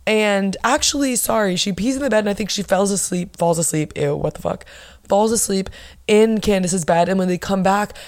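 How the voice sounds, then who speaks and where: A young woman hosting her own podcast, chatting casually and bluntly with lots of swearing and animated bursts of emphasis. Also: mid-range voice, normal speed. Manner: blunt, profane, gossipy. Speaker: podcast host. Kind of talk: casual solo podcast chat.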